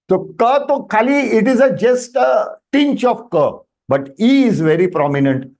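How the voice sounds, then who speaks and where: A man's voice: high voice, normal speed, hardly any pauses. A man with an Indian English accent teaching Sanskrit in an online class, explaining patiently and checking with students, slipping into Hindi phrases. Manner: animated explaining, often checks with "Am I right?".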